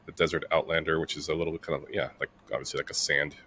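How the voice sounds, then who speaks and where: Deep, bright-toned male co-host. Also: rapid-fire, a little hiss or hum. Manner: rambling, excitable, laughs easily. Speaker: podcast co-host. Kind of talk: casual gaming podcast chat.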